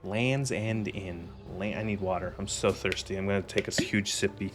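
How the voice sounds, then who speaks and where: A man's voice: low voice, little pitch movement, quick pace, soft background music. A man streaming a game and commenting casually, rambling, laughing often and swearing.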